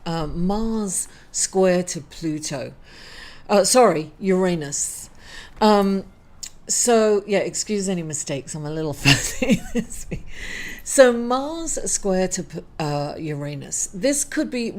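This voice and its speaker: A woman's voice: medium pitch, a little mellow. Tearful, hesitant woman reading horoscopes. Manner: emotional, apologetic, hesitant with many fillers. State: grieving, tearful. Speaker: astrology reader. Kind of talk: weekly horoscope video.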